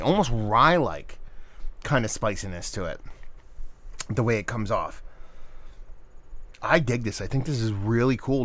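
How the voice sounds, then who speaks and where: A man hosting a casual beer review video, talking in a loose, enthusiastic, slangy way. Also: medium pitch.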